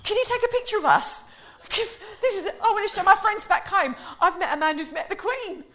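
A woman voicing excited hiking tourists, gushing and exclamatory. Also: very high voice, a little fast, slight background noise, voice pushed up.

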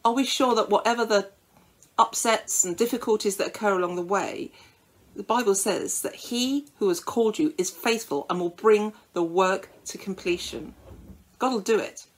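A woman's voice: medium pitch, moderate pace, rough recording. A woman preaching a sermon in a conversational storytelling way, with frequent fillers.

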